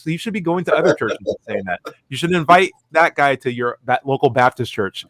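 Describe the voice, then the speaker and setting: A man on a comedic panel show, chatting casually and slipping into quick mocking voices. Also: medium pitch, lively intonation, a bit bright, no echo. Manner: jokey, does quick mocking voices in quotes. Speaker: podcast panelist.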